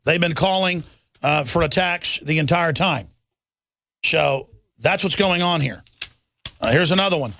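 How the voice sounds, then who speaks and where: A middle-aged man reads headlines on his talk radio show, then rambles into heated rants, repeating himself when agitated. He talks a little slowly with long pauses, and his high voice is pushed and bright, with no echo.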